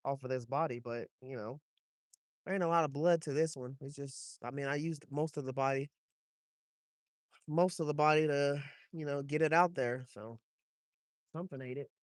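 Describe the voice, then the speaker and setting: Out by the water after dark, a fishing vlogger keeps up loose, heavily profane live-stream chatter, addressing his chat as well as the fish. He speaks at a medium pitch and a brisk pace, with no room sound.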